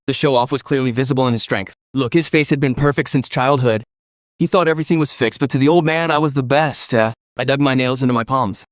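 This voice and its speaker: A man's voice: mid-range voice, no room sound. A man narrating a first-person story recap, reading every character's lines in his own voice.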